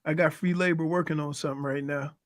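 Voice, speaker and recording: Man from New Orleans, radio co-host, high voice, laid-back, wry mumble. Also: fairly even intonation, quick pace, no room sound, clean studio sound. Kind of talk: casual sports talk.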